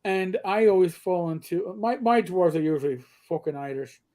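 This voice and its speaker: A co-host in casual chat, joking with quick banter. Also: medium pitch, animated, dark tone. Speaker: livestream co-host.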